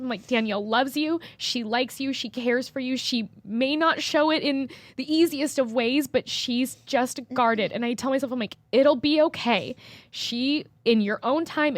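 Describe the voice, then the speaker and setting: A woman's voice: high voice, no echo. A young woman talking candidly and earnestly on a podcast, swearing freely and getting emotional. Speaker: employee and co-host.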